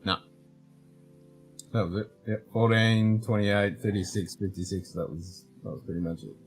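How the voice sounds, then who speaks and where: A man's voice: lowish voice, steady tone, moderate pace, faint music behind. A man co-hosting a casual live stream, running the tech in a laid-back way and swearing casually. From Australia. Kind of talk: casual chat.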